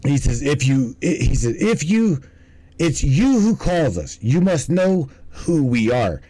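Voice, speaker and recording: A man's voice: a little high, sing-song, slow, mellow, low-quality recording. A man hosting a livestream in casual commentary, rambling and swearing, often stumbling and restarting his words. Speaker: livestream host.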